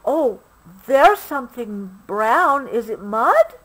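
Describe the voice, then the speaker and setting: A woman voicing an eager little male rhino calf in a storybook read-aloud, squealing with excitement. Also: slow pace, husky, full character voice, low-quality recording. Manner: excited, squealing, high and bright.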